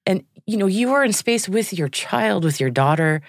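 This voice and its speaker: A woman's voice: medium pitch, lively intonation, normal speed, dry recording, clean studio sound. A woman in her thirties hosting an interview, effusive and openly moved by what she hears. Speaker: host. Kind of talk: interview conversation.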